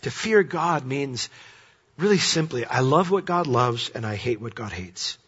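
A bright, lively male preacher whose voice rises high and loud on emphatic points, then drops to near-hushed asides. The tone is a touch husky. The recording sounds dull and lo-fi. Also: a little slow. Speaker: pastor. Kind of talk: sermon.

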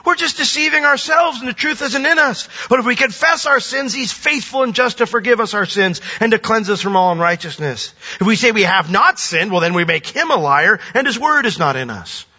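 A man's voice: very high voice, lively intonation, brisk, hardly any pauses, pushed and bright, slightly rough. Earnest older man preaching in a hall. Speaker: pastor. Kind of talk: sermon. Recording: dull reverberant hall.

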